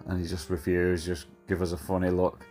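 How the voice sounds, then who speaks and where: A man tells a rambling night-out story in a voice message, his voice deep and held in a narrow range. He fills gaps with "uh" and keeps a cheeky, laddish tone, with faint music in the background. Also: monotone, fairly quick, darkish tone. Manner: chatty, laddish, full of fillers. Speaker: caller sending a voice message.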